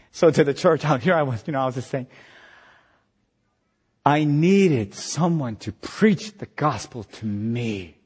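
A man preaching a sermon as pastor, impassioned, moving between quiet reflection and loud exhortation. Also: mid-range voice, husky. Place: retreat meeting hall. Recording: long hall reverb.

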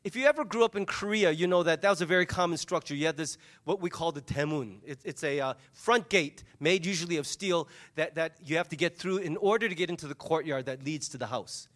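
A high-pitched man delivers a sermon with animated storytelling energy. He retells a scene, dropping into the voices of its people. His delivery shifts between quick asides to the congregation and slowed, emphatic moments. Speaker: pastor.

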